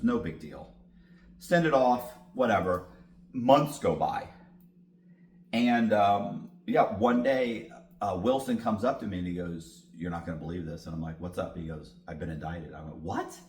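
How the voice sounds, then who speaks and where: A man's voice: on the low side, roomy sound. A man guest in an interview, telling a long story with lots of cursing and acted-out dialogue. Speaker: podcast guest.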